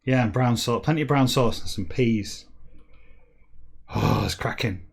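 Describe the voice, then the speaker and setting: A man in his forties rambles through a comic monologue as the host of his own show. He is sardonic and mock-boastful, and his voice sits at a middling pitch. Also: a little slow, gravelly, breathy edge. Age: 40s. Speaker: podcast host.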